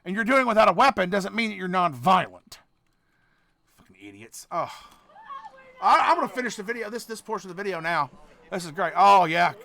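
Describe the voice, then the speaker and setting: High, bright-voiced ranting man. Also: vocal fry, no room sound. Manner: profane, ranting, swings between mutters and shouts; trailing off, restarting sentences. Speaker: reaction video host. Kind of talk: casual reaction commentary.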